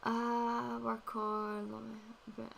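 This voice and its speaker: Bright-voiced woman streamer. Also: fairly high pitch, monotone, drawn-out words, gravelly, a little hiss or hum. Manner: chatty, blunt, swears freely, laughs often. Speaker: livestream host reading chat. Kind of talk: casual chat.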